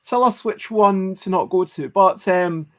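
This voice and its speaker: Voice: mid-range voice, unhurried. Chatty host, reads out the comments, keeps the talk moving. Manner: lively, reads out viewer comments. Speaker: podcast host. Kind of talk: casual chat.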